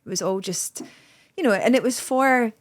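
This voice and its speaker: A woman's voice: on the high side, normal speed. A Scottish woman in her forties, a comedian guest, telling rambling anecdotes in casual podcast chat with many restarts.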